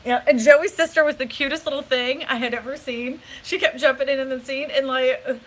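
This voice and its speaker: A woman's voice: sits high, fairly even intonation, fairly quick, fairly bright tone, poor audio. A woman real estate agent chatting casually on a live stream from a hotel room, giggly and rambling, recorded on a phone. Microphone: phone camera.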